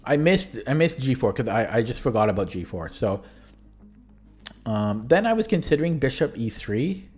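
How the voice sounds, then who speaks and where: A hoarse young man talks through his chess games in a loose live-stream style, with a voice of ordinary pitch. He wanders, corrects himself mid-sentence and drifts off as he thinks aloud. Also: big pitch swings, normal speed, a little mellow, faint music behind. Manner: rambling and self-correcting, often trailing off. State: losing his voice. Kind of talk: casual live-stream commentary.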